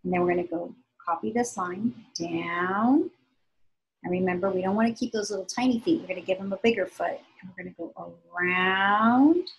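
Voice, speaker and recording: A woman teaching young children to draw, giving slow, patient, sing-song step-by-step instructions. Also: mid-range voice, lo-fi sound. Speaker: art teacher.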